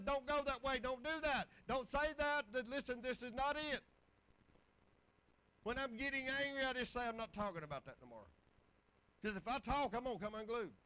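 A man's voice: very high-pitched, sharp tone, low-quality recording. A middle-aged man, preaching a folksy, rambling testimony full of scripture. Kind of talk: sermon.

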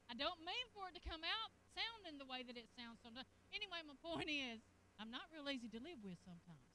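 A middle-aged woman preaching a sermon in a folksy, animated way, with laughing asides, dropping to a hush and rising to a loud call. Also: high voice, a little fast, low-quality recording.

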